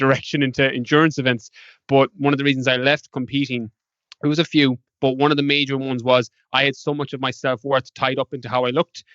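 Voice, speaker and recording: An Irish man appears as a podcast guest, telling stories in a casual interview and animatedly acting out past conversations. His medium-pitched voice is a bit bright, and the recording is dry with no echo, sounding dull and lo-fi.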